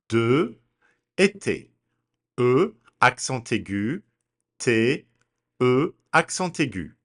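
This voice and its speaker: Slow, lively-voiced man teaching French. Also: mid-range voice. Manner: deliberate, spelling words out letter by letter. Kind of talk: slow instructional pronunciation drill.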